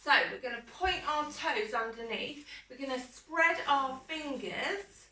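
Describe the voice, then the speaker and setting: Gentle high-voiced English woman teaching yoga. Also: lively intonation. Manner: slow, gentle step-by-step instructions. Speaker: primary school teacher. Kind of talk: guided children's yoga lesson. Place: indoor room. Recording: roomy, distant mic, faint noise.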